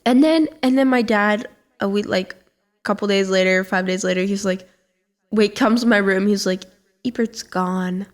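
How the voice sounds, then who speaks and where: A woman's voice: mid-range voice, normal speed. A young woman co-hosting a podcast, telling rambling, giggly anecdotes in casual chat. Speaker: podcast co-host.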